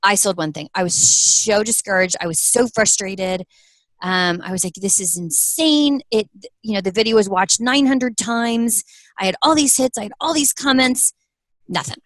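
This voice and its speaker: A woman's voice: mid-range voice, moderate pace, no echo, low-quality recording. A woman in her thirties talks earnestly about her business in an interview. She tells stories animatedly and slips into quoted voices. The sound is close and dry. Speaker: guest, apparel business owner. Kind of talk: interview conversation.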